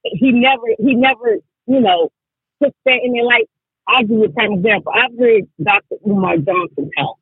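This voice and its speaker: A woman calling in to a talk show, talking with animated emphasis and often cutting in. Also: a little high, normal speed, breathy edge, no echo. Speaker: caller. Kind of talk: call-in show chat. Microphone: phone. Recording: tinny phone line.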